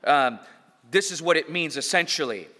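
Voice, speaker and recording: A man's voice: fairly high pitch, animated, normal speed, bright, forceful tone. A man preaching a sermon as pastor, emphatic, building points through repetition and dropping in casual asides. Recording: long hall reverb.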